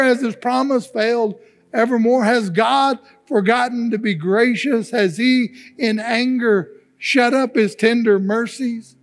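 Man, pastor, sermon, high voice, slow deliberate delivery, long church reverb. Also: fairly even intonation. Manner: repeats words while reading scripture aloud. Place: church sanctuary.

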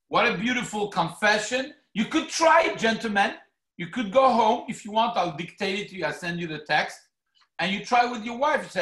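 A rabbi preaching in a synagogue hall, his voice high and swinging widely as he acts out quotes. His tone is bright and carries a roomy echo. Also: normal speed. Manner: animated, theatrical preaching with mock quotes. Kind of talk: sermon. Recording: echoey hall.

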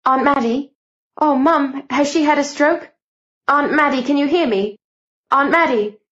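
A teenage girl pleads in an urgent, high voice, as a woman reader plays her. The recording is dull and lo-fi. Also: expressive, a little slow, echoey room. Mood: worried, pleading. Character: anxious teenage girl, the story's narrator.

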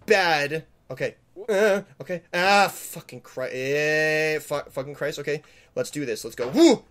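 A man playing a video game and commenting, panicky and swearing, pleading with the game and yelling when he fails. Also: on the high side. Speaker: gamer. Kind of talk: let's play commentary.

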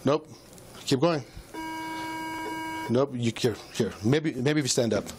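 A police officer calmly drills short, repeated commands, coaching a driver through a breath test. His middle-pitched voice stays even and patient. Body-camera audio carries steady noise throughout. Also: a little slow. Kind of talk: giving breath-test instructions.

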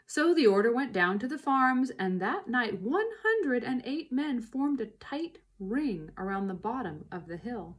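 A woman reading a children's book aloud, narrating in an expressive way. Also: on the high side, a little slow, hardly any pauses. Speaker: reader.

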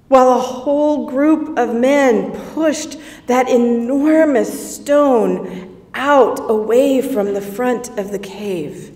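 In a church sanctuary, a woman performs a first-person dramatic monologue as a grieving adult sister who witnessed a moment with awe. Her fairly high voice carries the long reverb of the hall as she tells it slowly and emotionally, sinking to a whisper at tense points.

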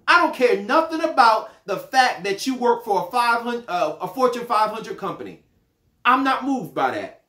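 A man teaching a bible study in a playful, animated preaching manner. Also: extremely high pitch. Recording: roomy echo.

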